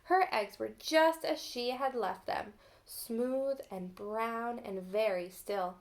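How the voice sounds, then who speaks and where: Gentle high-voiced woman reading to children. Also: takes it slowly. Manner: gentle, asks children questions. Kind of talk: children's storybook read-aloud.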